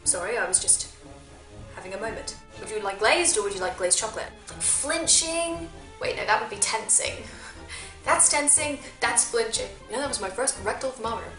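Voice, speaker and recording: A woman gaming vlogger talking casually to her viewers, chatty and quick to poke fun at herself. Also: mid-range voice, a bit bright, echoey room, faint music behind. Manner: chatty and self-mocking. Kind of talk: casual video commentary.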